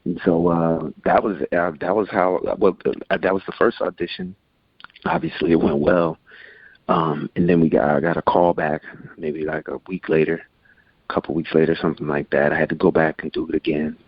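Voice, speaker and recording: A man's voice: a bass voice, normal speed, breathy edge, no room sound. A man in his forties telling stories casually as an interview guest, acting out the people in them. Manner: animated, acts out quotes in voices. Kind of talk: casual storytelling. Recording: dull lo-fi sound.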